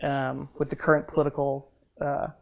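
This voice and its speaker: A woman's voice: a bass voice, flat delivery, moderate pace, gravelly. A woman hosting a casual interview, rambling a little with lots of fillers and joking at her own expense. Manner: rambling, self-deprecating, many fillers. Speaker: podcast host.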